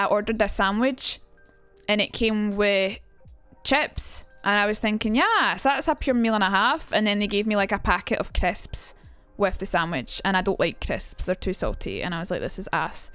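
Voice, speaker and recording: A woman's voice: mid-range voice, fairly bright tone, clear, resonant tone, dry recording. A young Scottish woman chatting on a livestream and teaching accents in a rambling, jokey way. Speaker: streamer.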